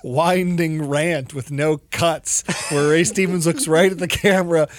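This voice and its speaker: A man co-hosting a casual podcast, wry and deadpan as he mocks what he watches. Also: on the high side, measured pace, dry recording, studio quality. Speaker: podcast co-host. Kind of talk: casual chat reviewing music videos.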